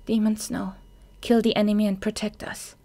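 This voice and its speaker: A narrator voicing a quiet, earnest young girl who is an assassin, speaking softly in a fan audiobook. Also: mid-range voice, little pitch movement, normal speed, gravelly, pitched above the performer's own voice, lightly acted. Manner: soft, quiet.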